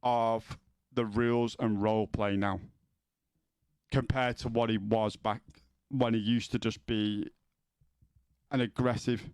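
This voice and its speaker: A man's voice: on the low side, little pitch movement, takes it slowly, pauses often, a little mellow, smooth, no echo, studio quality. A man streaming from home, chatting casually with his viewers, rambling and swearing, often stumbling as he starts a sentence. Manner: sweary, rambling, repeats words when starting.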